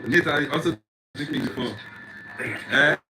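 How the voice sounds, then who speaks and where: A man's voice: on the high side, a little slow, over a noisy crowd, rough recording. A man hosting a casual livestream, repeating teasing questions to viewers in chat. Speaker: livestream host. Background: music.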